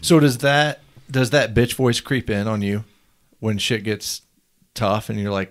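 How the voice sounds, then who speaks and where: Reflective low-voiced podcast host. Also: male voice, flat delivery, unhurried. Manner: reflective, coaching tone, casual swearing. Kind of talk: casual podcast interview.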